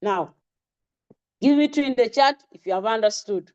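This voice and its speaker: A trading instructor with a Ugandan accent teaches a live online lesson on trading settings, drilling key terms over and over and quizzing her audience. Her voice sits on the high side, expressive and darkish, at a moderate pace. The audio sounds dull.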